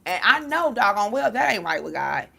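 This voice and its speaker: Woman, spiritual card reader, casual livestream, blunt, cussing, preachy, sharp tone. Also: mid-range voice, normal speed, gravelly, slight background noise. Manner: animated storytelling to viewers.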